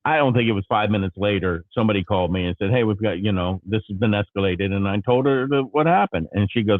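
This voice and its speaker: A man hosting a casual morning show, telling a story with animated energy and acting out his own frustration. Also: lowish voice, fast talker, hardly any pauses, no echo, phone-quality sound. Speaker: show host.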